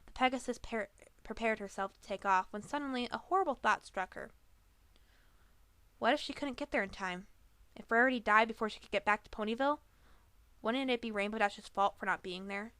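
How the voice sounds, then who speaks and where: A woman narrating a fan audiobook reading, expressive with small slips and restarts. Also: on the high side, fairly quick, clean tone, no room sound.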